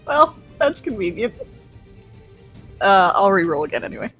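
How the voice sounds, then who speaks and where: A woman's voice: medium pitch, sing-song, moderate pace, a bit bright, faint music behind. Cheerful woman player. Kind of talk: tabletop game play.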